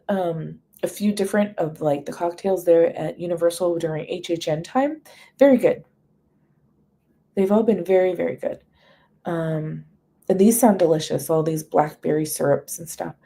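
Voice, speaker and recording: A woman runs a casual livestream, chatting with viewers, greeting them by name, and reading long menu lists out loud. Her voice is on the low side with a warm tone.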